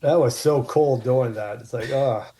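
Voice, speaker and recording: Man with a very dark voice, rambling stories. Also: medium pitch, unhurried. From Martha's Vineyard, USA. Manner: rambling anecdotes with many restarts. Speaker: podcast guest, actor. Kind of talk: casual storytelling.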